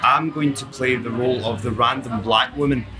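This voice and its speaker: A man's voice: mid-range voice, fairly even intonation, normal speed. A man hosting a casual chat, playful and jokey, rambling a bit as he sets things up. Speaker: host.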